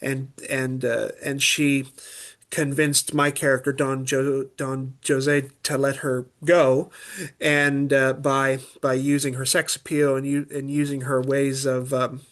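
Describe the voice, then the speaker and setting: A man, a guest opera tenor from Pennsylvania, chatting casually in an interview and explaining things in a halting way, with many restarts and filler words. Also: medium pitch, completely flat delivery, a bit bright. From Pennsylvania, USA.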